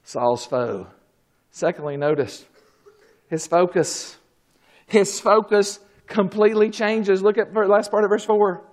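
A man preaching a sermon who swings between quiet asides and shouted exclamations, calling out praises as he goes. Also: high-pitched, a little slow. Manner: calls out "glory, hallelujah".

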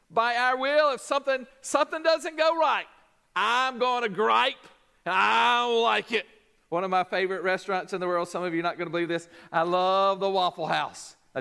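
A male pastor preaching a sermon, emphatic and rising to shouts. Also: sits high, smooth.

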